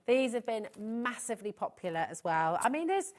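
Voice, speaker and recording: A woman's voice: fairly high pitch, sing-song, normal speed, a little mellow. A woman presenting on live TV shopping, with gushing, enthusiastic sales patter. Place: TV studio.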